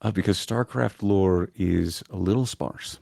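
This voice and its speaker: A man's voice: low voice, a little slow, creaky, warm tone, no echo, studio quality. A man being interviewed on a podcast, talking thoughtfully and hesitantly with many ums. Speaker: podcast guest, lore video creator. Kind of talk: casual interview chat.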